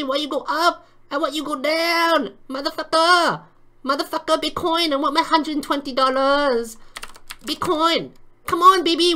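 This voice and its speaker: A man doing a cocky male day trader with a voice pitched well above his normal one. He gloats and barks orders at the market in broken English, loud and greedy. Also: heavily acted.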